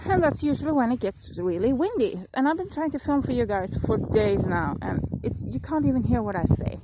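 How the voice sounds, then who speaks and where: A chatty woman with a slightly high voice talks to her viewers while walking her dog outdoors, rambling and laughing apologetically. She films on a handheld phone, and strong wind roars across the recording. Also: expressive, fairly quick. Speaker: vlogger. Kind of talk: casual walking vlog. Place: outdoors by a frozen river on a windy day. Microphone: phone held in hand while walking a dog.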